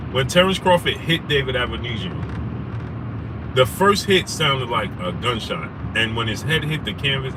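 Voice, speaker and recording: A young man, hosting a casual livestream, telling a story animatedly and shouting out viewers. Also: medium pitch. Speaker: livestream host. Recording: noisy street background.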